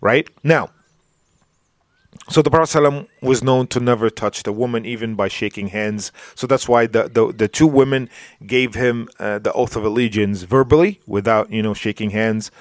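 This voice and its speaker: A male Islamic preacher giving a conversational religious lecture, often asking "right?" and filling pauses with "you know" and restarts. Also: medium pitch, dry recording. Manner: informal, checks in with "right?" and "you know", many fillers and restarts.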